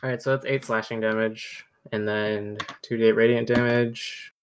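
A woman playing a tabletop game, blunt and quick to swear. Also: very deep voice, steady tone, a little hiss or hum. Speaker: player. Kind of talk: casual tabletop play.

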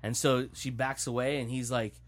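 A man's voice: medium pitch, normal speed. A young man tells a story in a loose, casual way, swearing freely. He mimics what the characters say as he retells the plot to his friends. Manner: animated, profane storytelling, acting out quotes.

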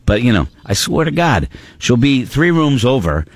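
A man's voice: mid-range voice, big pitch swings, normal speed. A middle-aged man hosting a morning radio show, telling rambling stories in casual banter with lots of fillers and restarts.

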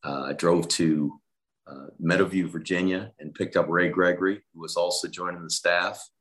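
Football coach with a very low, monotone voice, steady recollection. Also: male voice, moderate pace. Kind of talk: interview recollection.

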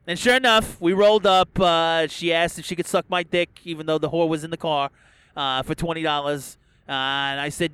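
A man hosting a podcast from inside a car, swearing constantly and breaking into yells as he rants. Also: a little high, normal speed, smooth, no room sound. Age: adult, past a first marriage. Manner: crude, swears constantly, bursts into yelling. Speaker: podcast host. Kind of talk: profane casual rant.

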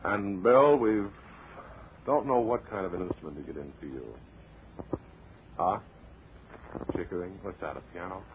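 A man hosting a comedy radio show in a deadpan, rambling, mock-serious way, heard on a tinny old radio recording with light hiss. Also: low-pitched, normal speed, pauses often. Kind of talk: deadpan comic radio patter.

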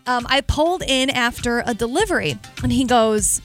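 Brief: young woman radio co-host, high-pitched, animated, self-mocking storyteller, faint music bed. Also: normal speed. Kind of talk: morning radio chat, storytelling.

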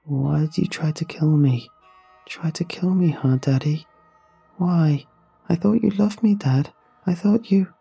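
A man's voice: a little high, unhurried, creaky, mellow, husky, soft background music, voice pushed up, heavily acted. A man voicing a young boy possessed by a demon, with a hissing, mocking, sing-song manner. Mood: wheedling accusing.

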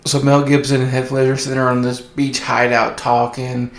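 A man's voice: mid-range voice, little pitch movement, normal speed, echoey room. A man co-hosting a podcast in casual chat, retelling movie plots with joking asides. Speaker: podcast co-host.

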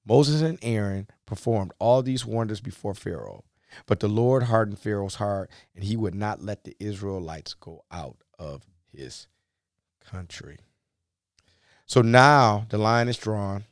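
A man's voice: lowish voice, a little slow, no echo, clean studio sound. A man preaching a sermon in a folksy style, acting out the biblical figures as he explains the scripture. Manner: animated, folksy, acts out biblical dialogue.

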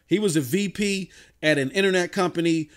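A man's voice: high-pitched, brisk. A man hosting a livestream in casual, off-the-cuff chat, talking emphatically with frequent stumbling restarts. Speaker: livestream host.

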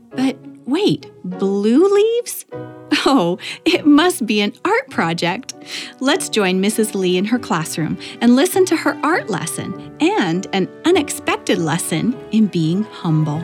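Lively woman hosting a children's program. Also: fairly high pitch. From Colorado, USA. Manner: bright, lively. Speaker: host. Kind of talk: scripted narration.

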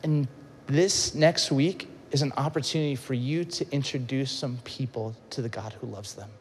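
A man preaching a sermon, telling stories with lively acted-out quotes and shifts between loud and soft. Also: medium pitch, normal speed, big-room sound, slight background noise. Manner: animated storytelling, acts out quotes, swings loud and soft. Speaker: pastor. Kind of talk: sermon with storytelling.

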